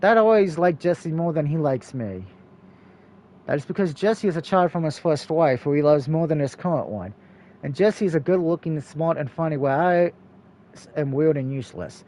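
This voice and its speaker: A man reads the narration of a story game aloud, with a high voice and a dark, mellow tone. He stumbles over words and corrects himself as he goes. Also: lively intonation, moderate pace. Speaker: let's play reader.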